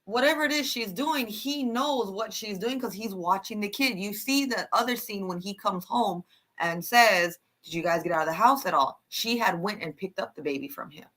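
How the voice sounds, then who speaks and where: A woman's voice: medium pitch, normal speed, fairly bright tone. A woman co-hosting a live TV recap, casual and blunt, stressing her points with emphatic reactions. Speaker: show co-host.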